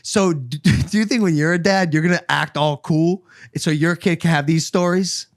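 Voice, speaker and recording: A man on a podcast breaks in with quick questions and slang reactions. His voice is a little high, and his talk is loose and casual. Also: dry recording, studio quality. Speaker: podcast co-host. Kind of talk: casual chat.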